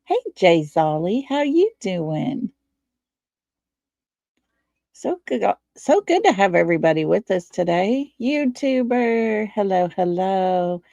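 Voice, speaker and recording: Slow, gravelly Texan woman hosting a livestream. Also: mid-range voice, sing-song, mellow, dry recording, highs cut off. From Texas. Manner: folksy, greets chat viewers by name. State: tired, low on energy. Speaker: livestream host. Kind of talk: casual live-stream chat.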